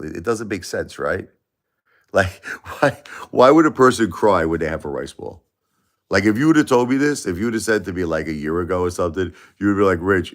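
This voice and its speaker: Deep-voiced grieving man livestreaming. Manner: grieving, repeats himself, emotional swings. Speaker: livestream host. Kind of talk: emotional livestream talk to viewers.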